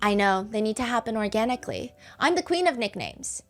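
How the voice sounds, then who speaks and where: A woman's voice: on the high side, lively intonation, a little fast. A woman hosting a casual commentary, telling the story of a court case in a chatty, conversational way and reading out text messages. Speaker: host explaining a court case.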